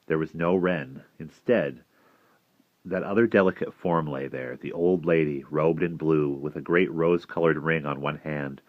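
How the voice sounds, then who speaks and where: Deep-voiced man reading a novel aloud. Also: no room sound. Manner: measured, with small restarts. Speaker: narrator. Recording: dry, slightly dull recording.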